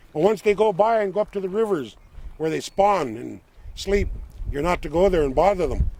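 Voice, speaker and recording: An older man from the Lummi Nation, a tribal elder telling an oral legend outdoors by the shore in an unhurried, plain-spoken way. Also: sits high, vocal fry, a little mellow. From Lummi Nation, Pacific Northwest.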